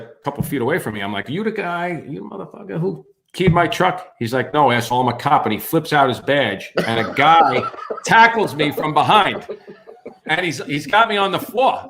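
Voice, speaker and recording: A man, a firefighter on a podcast, telling a story in casual chat and acting out the voices of the people in it. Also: a little high. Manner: animated, acts out other voices.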